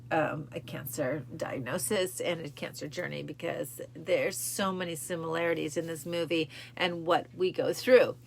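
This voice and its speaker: A woman's voice: gravelly, slight background noise. A woman hosting a cancer support show, chatting casually and emotionally to her viewers, repeating phrases and acting out scenes. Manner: emotional, repeats phrases, acts out film lines with rising pitch. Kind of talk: casual talk to camera.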